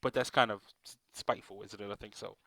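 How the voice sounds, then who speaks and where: A man's voice: lowish voice, steady tone, quick pace, bright, forceful tone, dry recording. A man in a casual ranting monologue, exasperated and swearing often as he vents about things he hates. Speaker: vlogger.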